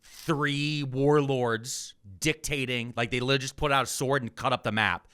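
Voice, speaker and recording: A man's voice: medium pitch, fairly even intonation, normal speed, fairly bright tone, clean tone. A man co-hosting a podcast, ranting with profanity in casual news commentary. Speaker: podcast co-host.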